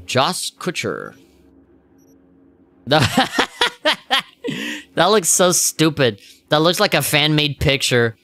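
A man's voice: a little high, expressive, slow pace, long pauses, a bit bright, dry recording. Laughing, swearing male game streamer. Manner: laughing, swearing, joking reactions. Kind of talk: casual gameplay commentary.

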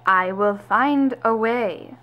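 A woman's voice: fairly high pitch, takes it slowly, pushed and bright, poor audio. A woman voicing a stern female project boss who gives clipped, bossy orders, in amateur doll-video voice acting. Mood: cold.

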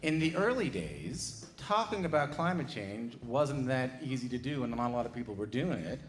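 A man's voice: medium pitch, very animated, moderate pace, noisy background. A man hosting a live radio show on a theatre stage, upbeat, joking and self-deprecating between segments. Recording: echoey theatre with crowd and music. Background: audience and music.

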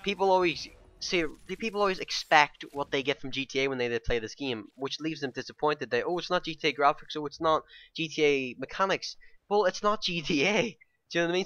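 A man's voice: mid-range voice, sharp tone. A man casually giving his first impressions of a game, rambling with lots of fillers and calling his viewers guys. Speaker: gaming YouTuber. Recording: dull lo-fi dry home mic.

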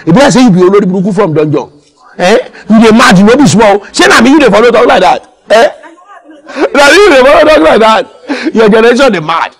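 Brief: a husky, hot-headed houseboy in a film drama, Nigerian Pidgin accent, lively pitch swings. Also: male voice, fast. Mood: insulting. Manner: loud trash-talking, then soft and tender. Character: lovesick, hot-tempered male house servant. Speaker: actor in a Nollywood film.

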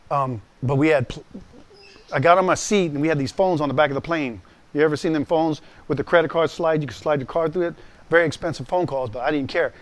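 Man, pastor, testimony sermon, somewhat high voice, animated, talks straight to listeners. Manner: animated storytelling, acting out quoted voices; direct and conversational with listeners.

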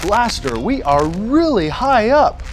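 A young woman hosting a children's learning show, speaking slowly and clearly to little kids and breaking into excited exclamations. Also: medium pitch, a little hiss or hum. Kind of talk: playful educational talk to young children. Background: background music.

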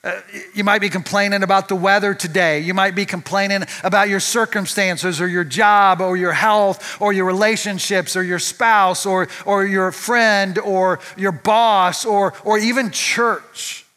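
A man preaches a sermon in a high, bright, forceful voice. He keeps it conversational and often tosses rhetorical questions back at the congregation. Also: fairly even intonation, unhurried, few pauses. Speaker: pastor. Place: church.

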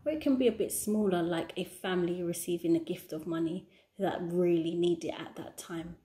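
A woman teaching a children's church lesson, explaining gently and encouragingly. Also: on the low side, steady tone, normal speed.

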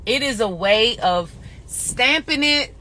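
A woman's voice: fairly high pitch, expressive, slow, sharp tone, slight background noise. A woman talking casually on a phone live stream as a spiritual teacher, chatty and folksy, calling listeners honey and y'all.

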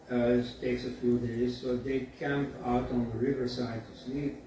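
A man's voice: medium pitch, a little mellow. Man lecturing in a roomy echoey hall. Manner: conversational, frequent "you see" and filler pauses. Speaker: guest lecturer. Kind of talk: storytelling university lecture. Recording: echoey hall from far off, faint background noise.

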